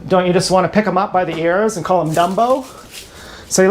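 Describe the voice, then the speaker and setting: A woman's voice: fairly low pitch, a little fast, slight background noise. A woman talking in a rambling, improvised livestream monologue, blunt, sarcastic and mocking herself. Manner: wandering, half-improvised talk. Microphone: action camera.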